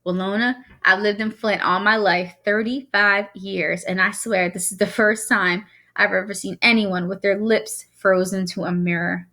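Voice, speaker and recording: A woman's voice: medium pitch, fairly even intonation, normal speed, sharp tone. A woman voicing a joking father in his thirties who teases his family, while reading a story aloud. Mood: teasing. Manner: teasing, amused.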